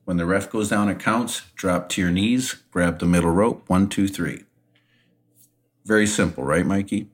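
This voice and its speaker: Low-voiced man telling a wrestling story. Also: normal speed. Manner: animated anecdote teller, laughs often. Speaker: podcast co-host, retired wrestler. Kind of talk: casual storytelling.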